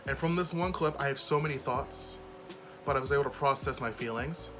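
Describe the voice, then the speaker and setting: A man's voice: mid-range voice, a little fast, music in the background. A man hosting a casual commentary vlog, talking bluntly and openly indignant. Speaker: commentary YouTuber, host.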